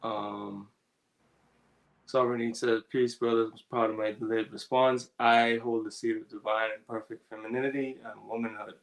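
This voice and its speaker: Gravelly, laid-back man with a chuckle. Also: lowish voice, moderate pace, low-quality recording. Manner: relaxed, laughs often, reads out chat comments. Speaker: co-host of a ministry talk. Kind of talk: casual spiritual discussion.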